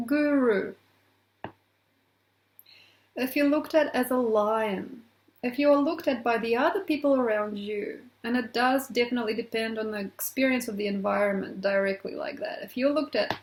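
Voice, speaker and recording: Playful high-voiced woman astrologer. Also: moderate pace. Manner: playful, affectionate, teasing, laughs often. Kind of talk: casual astrology vlog to camera. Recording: echoey room.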